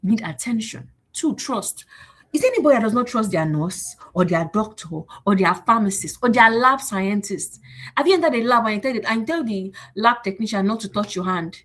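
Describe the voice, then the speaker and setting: A woman hosting a motivational livestream, rallying her audience with repeated phrases and acting out short exchanges. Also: fairly quick. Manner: animated, repetitive and rallying, acting out exchanges in higher voices. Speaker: host.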